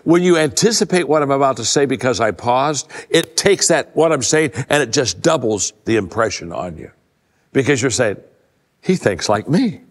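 An older man giving a conversational leadership talk to a live audience, a folksy storyteller who restarts his sentences often and drops his voice low to stress a point. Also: expressive, moderate pace. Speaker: leadership speaker. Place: large event hall. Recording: long hall reverb.

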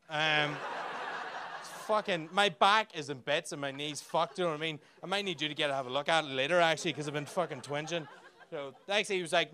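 A man's voice: fairly high pitch, quick pace, sharp tone. An Irish man performing a profane, brash stand-up comedy set on a club stage, bantering with the crowd. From Ireland.

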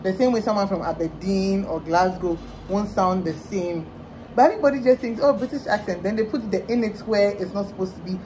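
A woman's voice: medium pitch, fairly quick, a little hiss or hum, rough recording. A young woman, hosting a casual chat and telling stories with mimicked voices. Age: young adult. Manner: animated storyteller, mimics voices. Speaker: vlog host.

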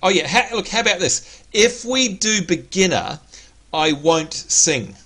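A man's voice: high-pitched, expressive, a little slow, pushed and bright. An Australian man hosting a gaming livestream, chatting playfully and teasing his viewers. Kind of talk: casual livestream chat.

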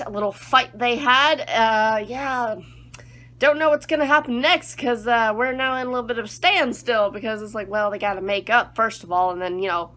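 A young woman talks through an anime episode in a casual review, rambling from point to point and acting out her own reactions as she goes. Her voice sits a little high and sounds bright and forceful.

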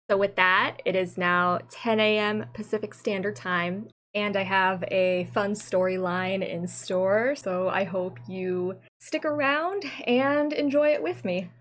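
A woman's voice: mid-range voice, unhurried, few pauses, fairly bright tone. A woman in her late twenties talking through a let's play video in a chatty, rambling way, nostalgic about her teenage years. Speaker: gaming creator. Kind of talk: casual let's play commentary.

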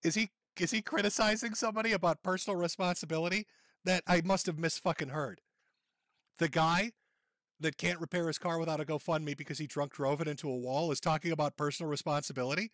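A man's voice: a little high, steady tone, fast, fairly bright tone, no room sound. A man hosting a stream, mocking and ridiculing the person in the clips he plays. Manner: sneering, ridiculing, laughs at clips.

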